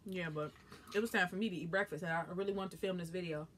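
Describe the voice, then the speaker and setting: A woman's voice: lowish voice, fast talker, a little hiss or hum. A young woman with a Southern US accent, chatting casually and bluntly while eating and reading viewer comments. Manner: blunt, profane, animated.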